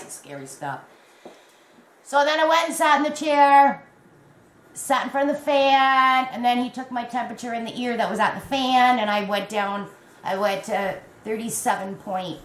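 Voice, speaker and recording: A woman's voice: fairly high pitch, fairly bright tone, a little hiss or hum. Chatty Canadian woman in an echoey room. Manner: chatty and rambling, addresses viewers as guys. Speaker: crochet vlogger. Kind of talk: casual chat to camera. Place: at home in a warm room.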